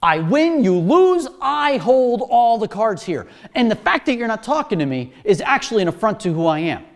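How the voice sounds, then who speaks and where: A preacher voicing Pilate as a proud, irritated governor who brags and demands answers loudly. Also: mid-range voice, sing-song, moderate pace. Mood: boastful.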